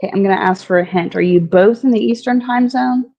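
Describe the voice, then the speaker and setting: A woman's voice: mid-range voice, quick pace, gravelly, dark tone, highs cut off. A woman from Alabama, a podcast guest in casual chat, with a dry, teasing manner.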